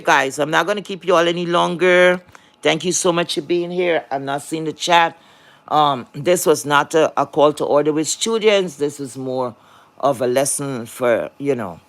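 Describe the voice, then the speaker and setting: A woman moderating a livestream chat, lecturing and scolding viewers in a blunt, profane rant. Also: sits low.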